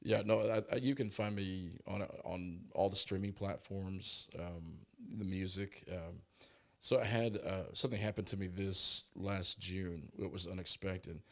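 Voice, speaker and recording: A man, a musician and the guest, chatting casually in an interview and telling stories with animated delivery. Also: low-pitched, unhurried. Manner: animated storyteller, acts out quotes.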